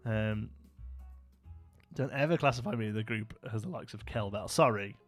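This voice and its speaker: A man's voice: on the low side, normal speed, faint music behind. Chatty male game streamer. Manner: chatty and rambling, chats with viewers. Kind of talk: live gameplay commentary.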